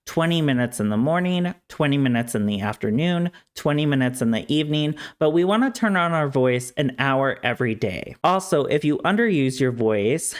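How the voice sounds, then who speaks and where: A man, a speech-language pathologist, calmly explaining voice training in a measured, instructive way. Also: mid-range voice. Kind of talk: educational explainer to camera.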